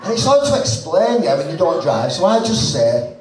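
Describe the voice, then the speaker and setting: A man's voice: on the high side, sing-song, normal speed. A man with a Lancashire accent doing stand-up, with blunt, sweary, self-mocking banter. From Lancashire, northwest England. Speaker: stand-up comedian. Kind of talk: stand-up set. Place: small comedy club. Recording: roomy club recording from far off, crowd audible. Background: audience laughter.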